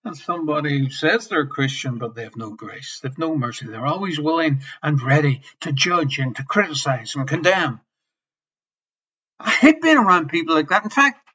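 A man preaching a sermon with passion. He swings between loud emphasis and soft near-whispers and repeats key phrases. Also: a little high, expressive, normal speed. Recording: slightly dull lo-fi sermon recording.

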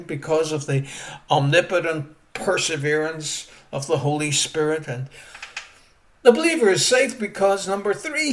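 A man with a slightly high voice preaches a sermon emphatically, repeating key phrases and swinging between loud rises and quiet drops.

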